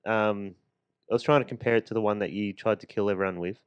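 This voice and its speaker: A man's voice: lowish voice, steady tone, fast talker, clear, resonant tone, no echo, dull audio. A man co-hosting a podcast, telling anecdotes in a loose, laughing, chatty way in a makeshift home studio. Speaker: podcast co-host. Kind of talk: casual storytelling chat.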